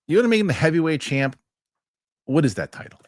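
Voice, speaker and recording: A middle-aged man hosting a casual talk show, telling stories and reading viewer messages with animated, excitable delivery. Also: a little high, fast, no room sound, clean studio sound. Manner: animated storytelling, excitable rants. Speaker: show host. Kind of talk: casual chat.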